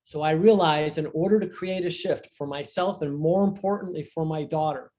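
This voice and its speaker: An older man with a somewhat high-pitched voice tells a personal story on a video call. He speaks earnestly and reflectively and leans hard on key phrases. It sounds like an interview conversation. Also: moderate pace, dark tone. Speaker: guest, divorce author and coach.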